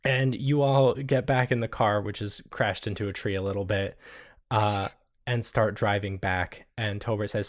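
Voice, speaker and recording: A man's voice: fairly low pitch, steady tone, normal speed. A man narrating a tabletop game as game master, casual and hesitant with many fillers.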